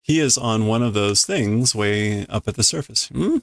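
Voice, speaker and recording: A man streaming a casual read-through of a comic, translating line by line in a halting, self-correcting way and chuckling often. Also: lowish voice, lively intonation, gravelly, dry recording, clean studio sound. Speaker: streamer reading manga to learn a language.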